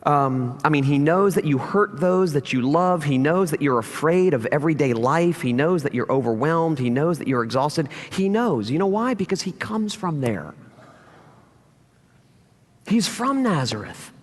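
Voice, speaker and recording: Male pastor, high and very animated delivery, storytelling sermon, recorded in a reverberant church hall. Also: moderate pace. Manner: animated storytelling, acts out quoted lines.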